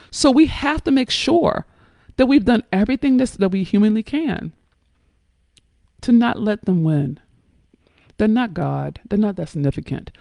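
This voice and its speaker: A woman hosting a live stream, talking in an emphatic, blunt and profane way, with sudden jumps up in pitch and loudness and frequent check-ins with her listeners. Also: creaky, dry recording, clean studio sound. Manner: coaxing, checks in with listeners often. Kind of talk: impassioned live-stream talk.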